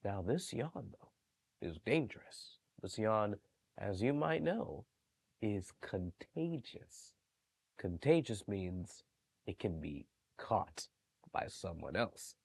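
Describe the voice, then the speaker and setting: A man working as a library storyteller, reading bedtime stories to young children in a gentle, animated way. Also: lowish voice, slow, creaky, husky.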